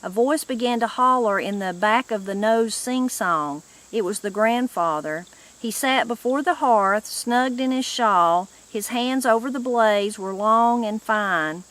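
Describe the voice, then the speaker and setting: A woman hosting her channel, reading a novel aloud with measured storytelling. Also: medium pitch, a bit bright. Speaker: reader, channel host.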